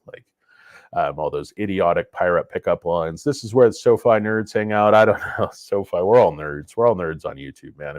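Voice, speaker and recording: A man's voice: fairly low pitch, darkish tone, dry recording. A man with a stuffy head cold hosting a casual livestream on a lapel mic, rambling and joking with viewers. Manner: rambling, jokey, chatting with viewers. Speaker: livestream host. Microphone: cheap lapel microphone.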